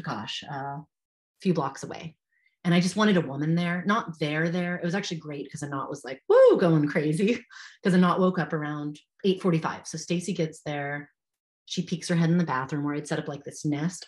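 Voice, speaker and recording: A woman in her thirties, a podcast guest, frankly and emotionally recounting a personal story with lots of "like". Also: low voice. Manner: heartfelt, frank, peppered with "like".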